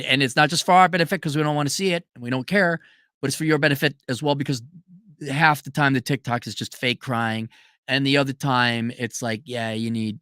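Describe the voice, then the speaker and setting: Blunt, sharp-voiced ranting man. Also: mid-range voice, no echo, clean studio sound. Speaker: host answering viewer super chats. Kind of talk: livestream commentary.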